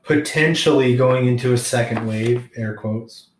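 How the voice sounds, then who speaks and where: A man's voice: medium pitch, measured pace, a little hiss or hum. Laid-back man on a couch, roomy sound. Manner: laid-back, crude joking banter. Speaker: podcast co-host. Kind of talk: casual chat. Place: living room couch.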